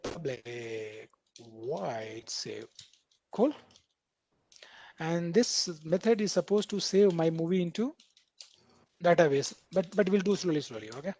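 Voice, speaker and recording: A man's voice: high voice, moderate pace. Chatty man teaching code. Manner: chatty, repeatedly checking in with "right?"; animated, acting out what the code editor says. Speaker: programming instructor. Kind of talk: live online coding class.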